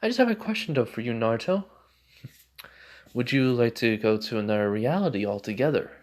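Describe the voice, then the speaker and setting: A young man reading the lines of a calm, teasing ancient goddess woman in a fan story. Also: medium pitch, moderate pace, close to an everyday voice.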